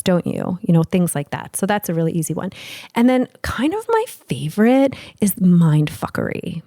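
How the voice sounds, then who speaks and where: A woman's voice: medium pitch, warm tone, dry recording, studio quality. A woman hosting a podcast as a relationship expert, talking candidly and casually, swearing freely and acting out little exchanges. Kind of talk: casual explanatory talk.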